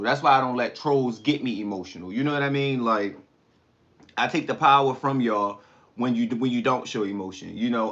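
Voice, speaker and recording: A man's voice: mid-range voice, fairly bright tone, highs cut off. A man hosting a casual live stream, eating while he talks back to comments in a rambling, blunt way. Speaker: livestream host.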